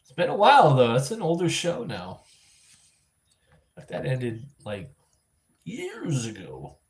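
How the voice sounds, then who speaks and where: A man hosting a live vlog stream, chatting casually and thinking out loud with lots of restarts and self-corrections. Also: medium pitch, wildly swooping pitch, unhurried. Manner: rambling, thinking aloud with frequent restarts. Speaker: livestream vlog host.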